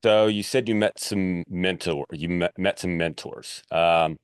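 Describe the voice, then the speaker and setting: A man with a very low voice hosts a relaxed interview. He thinks out loud as he talks, with plenty of "uh" and "like" between his points. The sound is dry and close to the mic. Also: moderate pace, clean tone, dry recording. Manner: loose, thinks aloud, lots of "uh" and "like". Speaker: podcast host. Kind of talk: casual interview chat.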